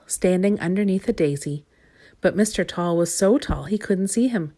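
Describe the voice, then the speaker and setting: A woman reading a children's storybook aloud, gentle and expressive, lingering on repeated words. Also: on the low side.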